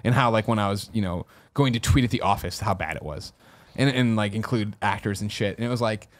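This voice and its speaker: Fast-talking podcast co-host. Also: male voice, lowish voice. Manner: rambling, self-interrupting, frank. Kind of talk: casual chat.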